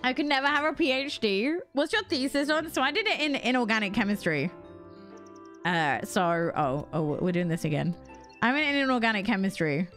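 Young british girl chatting over a cozy game stream, high voice bouncing all over, giggly asides. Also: lively intonation, moderate pace, a bit bright, faint music behind. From Britain. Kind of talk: casual gameplay chat with chat readers.

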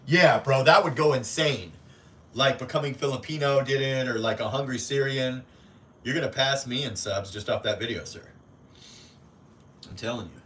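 A man's voice: mid-range voice, moderate pace, fairly bright tone, far from the mic. Young male streamer, crude and playful, recorded off-mic in an echoey room. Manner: profane, teasing, jokey banter with frequent laughter. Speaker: livestream host. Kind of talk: casual livestream chat reading viewer comments. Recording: roomy echo, off-mic, faint background hum.

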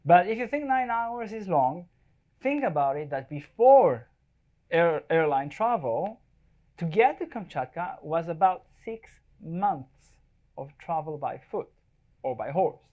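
With the highs cut off, a man's voice comes across on the high side yet darkish in tone, expressive and unhurried. He's a wildlife photographer giving a talk before a live audience in an event space, chatty and jokey, and he keeps asking the room if they follow.

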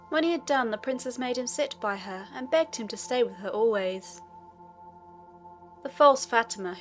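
A woman narrating a fairy tale audiobook in an even, measured storytelling manner. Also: on the high side. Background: faint music.

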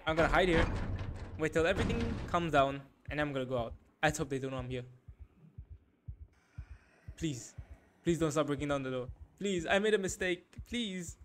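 A man's voice: a little high, steady tone, fairly quick, long pauses, a bit bright. A young man giving frantic gameplay commentary, panicking and repeating short phrases over and over. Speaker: gaming YouTuber.

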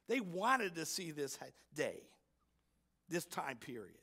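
A male pastor delivers a sermon in a somewhat high voice. He stresses his points and keeps asking the congregation rhetorical questions. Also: lively intonation, moderate pace, a bit bright. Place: church sanctuary.

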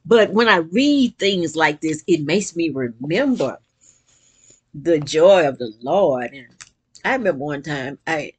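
A woman's voice: low voice, unhurried, breathy edge. An older woman in earnest, rambling reflection. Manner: earnest and rambling, with frequent restarts and bursts of excitement. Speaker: vlogger reading and reflecting on quotes. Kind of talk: casual spiritual reflection.

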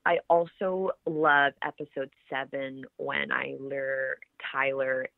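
A woman, an actress being interviewed, chatting in a lively way and laughing often. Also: very deep voice, slow, vocal fry, no room sound. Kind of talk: casual interview chat. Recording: tinny phone-like line, dry.

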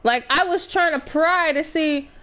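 Animated, cursing woman gamer. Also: high voice, a little slow. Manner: animated, profane, stammering restarts. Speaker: gaming streamer. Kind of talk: casual storytelling while playing.

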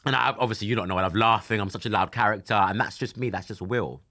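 A man in his twenties hosting a casual chat show, lively and laughing easily, and softer when he speaks of personal loss. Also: on the low side, fast. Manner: animated, laughs easily, turns soft and emotional when talking about grief. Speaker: podcast host. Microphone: studio microphone.

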